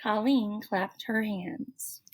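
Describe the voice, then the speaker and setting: A woman, like a teacher, reading a children's novel aloud in expressive, unhurried storytelling. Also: medium pitch.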